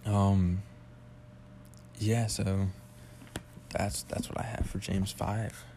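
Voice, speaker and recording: A man's voice: fairly low pitch, flat delivery, drawn-out words, background noise. A young man hosting a casual Bible study podcast, talking loosely and rambling, with a lot of "like" and restarts. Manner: loose, rambling, heavy use of "like". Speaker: podcast host.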